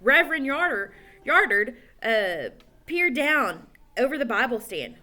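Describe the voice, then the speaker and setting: Woman reader, children's book, lively pitch, easy home-style delivery with restarts. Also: unhurried. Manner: casual reading with small slips and restarts. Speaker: audiobook reader. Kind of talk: reading a children's novel aloud.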